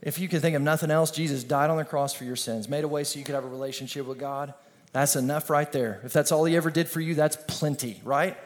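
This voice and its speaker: A man pastor preaching an energetic, conversational sermon with call-and-response. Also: on the high side, fast talker.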